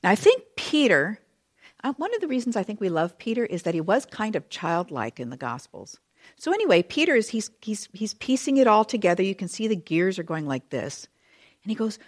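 A middle-aged woman delivers a sermon in a storytelling way, her pitch rising and falling with lively range. She acts out the people in the story and talks straight to the children. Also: brisk. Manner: animated storytelling, acting out quoted voices; speaks to children in the audience. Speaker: preacher.

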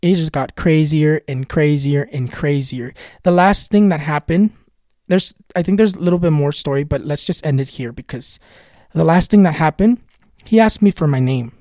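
A man with a fairly high voice tells a personal eerie story in a casual, earnest way. He repeats himself to build suspense and keeps retelling what was said. The sound is dry and close. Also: moderate pace, dark tone, dry recording. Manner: earnest, retells dialogue with many "he goes" quotes. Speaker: spiritual storyteller and tarot reader.

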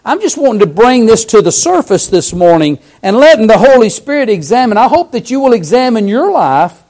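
A man preaching a sermon, fervent, swinging from loud cries to hushed lines. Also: extremely high pitch, sing-song, a little fast.

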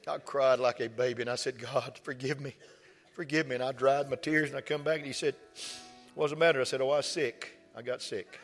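A man, preaching a sermon as pastor. He tells stories and rises to impassioned shouts. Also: medium pitch, fairly even intonation, a little fast. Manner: storytelling, rising to impassioned shouts. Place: large church hall. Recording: reverberant church hall with soft music.

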